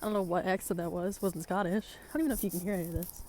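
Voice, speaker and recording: A woman's voice: on the low side, steady tone, very fast, darkish tone, a little hiss or hum. A young woman, a student, chatting casually into her phone camera in a rambling way with lots of "like". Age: young adult. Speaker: study-abroad student vlogger. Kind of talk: casual vlog chat.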